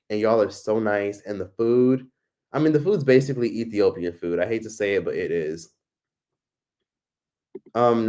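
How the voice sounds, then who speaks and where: A man hosting a casual livestream, chatting expressively while reading and answering viewer comments. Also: on the low side. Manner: chatty, animated, swearing freely. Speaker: livestream host.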